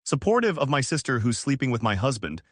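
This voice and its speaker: A man's voice: mid-range voice, very animated, quick pace, husky, no room sound, studio quality. A man voicing a betrayed young woman who pleads and protests indignantly. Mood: upset.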